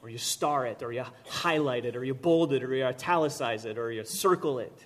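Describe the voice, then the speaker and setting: A man preaching a sermon, swinging from loud emphatic repetition to quiet, slow lines, with touches of gentle humor. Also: medium pitch. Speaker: pastor.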